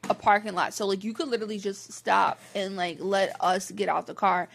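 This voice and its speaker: A woman's voice: mid-range voice, flat delivery, a little fast, creaky, fairly bright tone, a little hiss or hum. A young adult woman telling a personal story to camera in a rambling, frank and exasperated way, full of "like" fillers. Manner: rambling, heavy use of "like" fillers. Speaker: vlogger. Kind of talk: candid storytime monologue.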